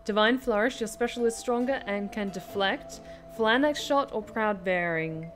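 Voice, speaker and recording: A woman streaming a video game, chattily thinking aloud and reacting excitedly. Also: mid-range voice, moderate pace, soft background music. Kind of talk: live game commentary.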